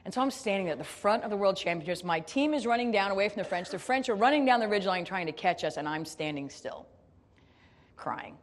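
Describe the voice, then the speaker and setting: Speaking straight to her listeners, a woman from the U.S. tells a lively, playful, self-mocking story during a motivational keynote. Her pitch is mid-range.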